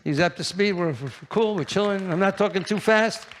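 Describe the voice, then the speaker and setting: A man giving a live conference presentation, brash and animated, jumping to high, loud bursts and firing questions at the audience. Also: normal speed. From New York. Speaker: keynote speaker at a trade fair.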